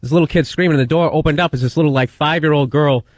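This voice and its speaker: A man in his late thirties spins a rambling story in casual radio chat. He talks quickly in a slightly high voice, close to a dry studio mic. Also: no room sound. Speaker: guest comedian.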